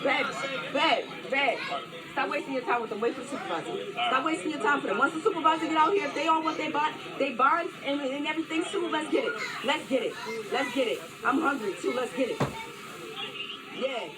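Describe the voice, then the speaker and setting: A defiant woman with a high voice argues with police, swearing and repeating herself. She is picked up from a distance, with a crowd and loud noise all around her. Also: fairly quick. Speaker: citizen filming a police stop. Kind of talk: heated street confrontation.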